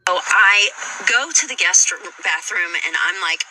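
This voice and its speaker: A woman recounts her own story in a blunt, upset way, swearing as she goes. Her voice is very bright and cutting. Faint noise sits behind her. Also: mid-range voice, normal speed, low-quality recording. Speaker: guest telling her story. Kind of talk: emotional personal account on a live stream.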